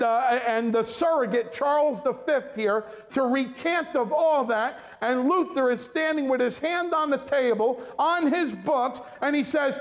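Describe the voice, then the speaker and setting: A man with a strikingly high voice delivers a sermon from the pulpit. He preaches with force and keeps prompting his listeners for agreement. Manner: emphatic preaching, keeps asking the congregation "amen?". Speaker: pastor.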